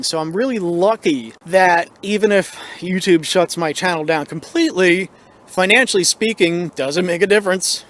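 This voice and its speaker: A man talking casually to the camera on a porch outdoors, rambling with fillers and out of breath. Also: on the high side. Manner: rambling, conversational, with frequent fillers and asides. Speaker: political video blogger.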